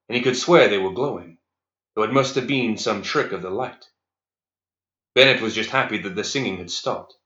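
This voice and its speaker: A man reading a dark story aloud in a measured, even storytelling voice. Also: on the low side. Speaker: narrator. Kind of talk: scripted audiobook narration. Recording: echoey, slightly dull recording.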